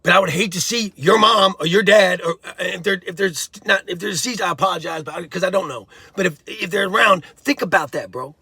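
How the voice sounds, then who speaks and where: Gravelly high-voiced man, blunt street talk. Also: fairly quick, hardly any pauses, pushed and bright, no room sound. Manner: blunt, streetwise, preachy, addresses viewer as bro and homie. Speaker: host of a prison-life commentary channel. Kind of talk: casual commentary vlog.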